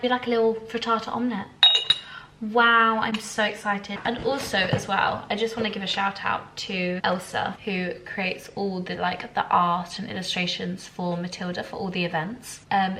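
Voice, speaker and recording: A woman's voice: mid-range voice, roomy sound, noisy background. A young woman from England, chatting to camera at home in a gushing, enthusiastic vlog style. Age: late 20s. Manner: gushing, enthusiastic, lots of "like" and "lovely". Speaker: lifestyle vlogger. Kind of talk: casual chat to camera. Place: at home indoors.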